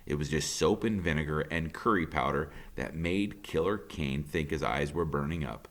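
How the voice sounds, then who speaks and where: A man's voice: rumbling low, moderate pace. A man, a teacher, reading a novel aloud with dramatic storytelling that rises with the action. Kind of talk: novel read-aloud narration.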